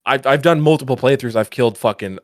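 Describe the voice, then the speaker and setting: A man co-hosting a casual podcast, ranting in profane, animated bursts. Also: medium pitch, quick pace, no room sound, clean studio sound. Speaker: podcast co-host.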